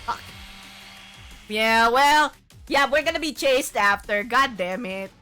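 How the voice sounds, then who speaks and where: A woman streamer giving live gameplay commentary, excitable, laughing and swearing as she plays. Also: a little high, slow, smooth, soft background music.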